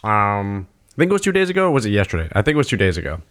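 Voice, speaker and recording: A man's voice: on the low side, big pitch swings, rapid-fire, a bit bright. A man in his thirties telling a long personal story in casual chat. He rambles with lots of fillers and swears freely. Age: 30s.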